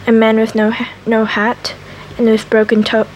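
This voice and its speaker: A woman with a slightly raspy, scraggly voice reading a classic novel aloud in soft ASMR style, stumbling and correcting herself. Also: on the high side, monotone, slight background noise, poor audio. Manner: slow, careful reading with frequent self-corrections. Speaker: ASMR reader.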